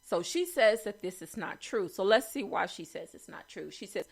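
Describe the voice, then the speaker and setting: A woman's voice: mid-range voice, expressive, moderate pace, vocal fry, slightly rough. A woman talking casually through writing quotes, with many fillers and restarts and asking "okay?" often. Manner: chatty, frequent fillers and restarts, asks okay. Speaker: host reviewing writing quotes. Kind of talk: casual commentary reading quotes.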